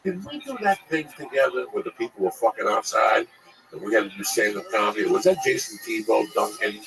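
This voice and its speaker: A male comedian telling crude, animated stories in casual chat, acting out the people in them. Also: on the low side, fairly quick, gravelly, over music, low-quality recording.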